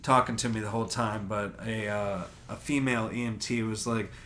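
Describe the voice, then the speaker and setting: A man's voice: fairly low pitch, fairly even intonation, a little fast, fairly bright tone, slight background noise. Man telling a story on a podcast. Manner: profane, acts out other people's lines. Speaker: podcast co-host. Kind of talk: casual storytelling.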